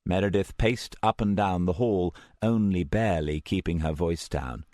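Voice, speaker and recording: A man narrating a first-person audiobook in a measured, steady storytelling manner, close to the mic. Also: deep voice, dry recording.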